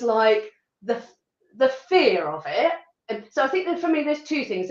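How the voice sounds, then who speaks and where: Suffolk woman chatting on a call, bit high, echoey room, kinda muffled. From rural Suffolk, England. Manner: chatty, laughs often, halting restarts. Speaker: guest. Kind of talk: casual interview chat.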